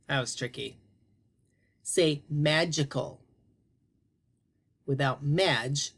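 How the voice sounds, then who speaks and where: A man teaching a phonics lesson to young children, prompting them slowly and deliberately. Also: fairly high pitch, lively intonation.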